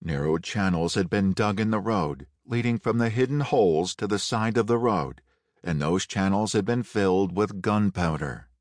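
A man narrating a Western audiobook in a measured, unhurried storytelling manner. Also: fairly low pitch, no room sound. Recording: dry close studio read.

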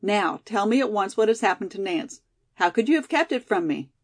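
A woman voicing an impetuous, warm-hearted young college girl who speaks eagerly and emotionally, in a higher, louder voice than her narration. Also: expressive, fairly quick.

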